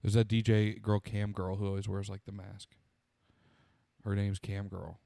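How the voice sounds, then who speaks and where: A man's voice: lowish voice, level tone, normal speed, vocal fry, dark tone, no echo. A young man, a podcast co-host in casual chat, telling crude stories with lots of laughter and acted-out quotes. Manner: crude, laughing storyteller who acts out quotes.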